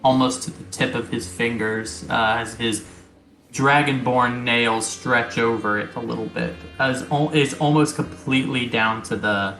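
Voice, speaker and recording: A man narrating as game master of a tabletop game, descriptive and halting with many pauses. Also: medium pitch, steady tone, bright, forceful tone. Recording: roomy recording, faint music.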